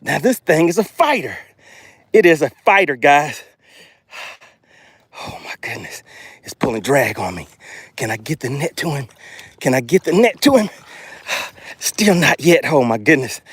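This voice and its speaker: A man hosting a live fishing stream from his boat, excitable, out of breath and constantly calling out to viewers. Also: fairly high pitch, moderate pace, long pauses, breathy edge, no echo, clean studio sound. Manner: excitable, keeps exclaiming and addressing viewers as guys. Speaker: fishing channel host.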